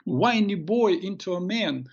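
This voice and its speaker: A man's voice: sits high, expressive, a little slow, lo-fi sound, voice pushed up, heavily acted. A man doing a worried, pleading father.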